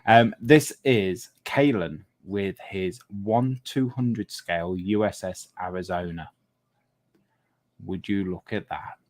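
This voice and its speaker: A man with a fairly low voice hosts a model-making stream in casual chat. He reads viewer comments aloud and admires the builds, often dropping to soft murmured exclamations. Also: slow. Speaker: livestream host of a model-making channel.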